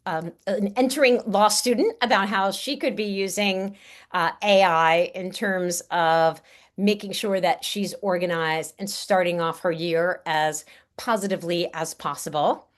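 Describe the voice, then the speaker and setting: A woman's voice: lowish voice, measured pace. A woman speaking coach leading an online workshop in an upbeat, encouraging, chatty way over a video call.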